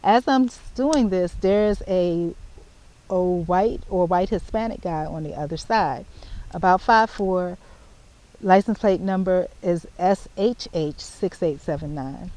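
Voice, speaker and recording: A woman, telling a story to the camera in casual chat, animated and repeating herself as she spells out details. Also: lowish voice, takes it slowly, poor audio. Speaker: vlogger.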